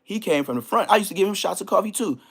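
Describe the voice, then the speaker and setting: Animated Los man telling stories. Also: sits high, quick pace, creaky, breathy edge. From Inglewood, Los Angeles. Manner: animated, slang-heavy, bursts into loud exclamations. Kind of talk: casual storytelling rant.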